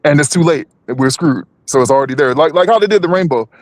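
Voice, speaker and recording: A man's voice: on the high side, fast talker, dry recording. A man co-hosting a live stream, talking politics casually, with many restarts and repeated words.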